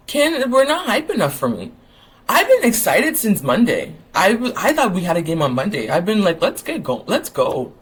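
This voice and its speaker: A woman talks straight to her viewers in a loose, rambling vlog. She jumps from thought to thought and gets excitable, then drops back into easy chat. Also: low-pitched, slightly rough. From Ontario, Canada. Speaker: vlogger.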